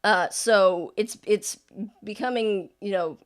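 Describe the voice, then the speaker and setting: A woman's voice: medium pitch, slow pace, clear, resonant tone. A woman narrating a tabletop game as game master, in a rambling, filler-heavy way.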